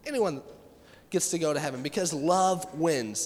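A youth pastor preaching a sermon in an animated way, acting out the voices of people he quotes. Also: a little high, moderate pace, in a large hall.

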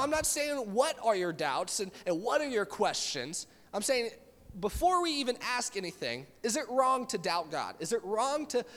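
A man's voice: sits high, a bit bright, in a large hall. A young man, a youth pastor, giving a casual, conversational sermon with many fillers and restarts, in a church meeting room.

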